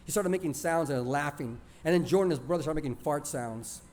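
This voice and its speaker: A man's voice: a little high, brisk, darkish tone. A man telling a childhood story plainly, dropping in Spanish words. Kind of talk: oral storytelling of a childhood memory.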